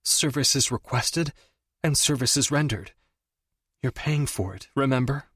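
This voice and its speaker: A man's voice: medium pitch, moderate pace, breathy edge, no room sound, studio quality, voice pushed up, lightly acted. A man voicing a tearful, defiant young woman. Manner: pleading, defiant, wailing. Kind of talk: audiobook character voice.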